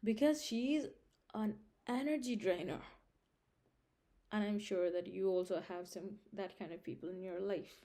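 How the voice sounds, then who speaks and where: A young woman talks straight to her viewers in a casual advice vlog. Her voice is warm and mellow, and she sits at an ordinary middle pitch. She hammers her points home by repeating them and keeps checking that the listener is following. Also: measured pace. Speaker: vlog host giving life advice. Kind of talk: casual direct-to-camera advice.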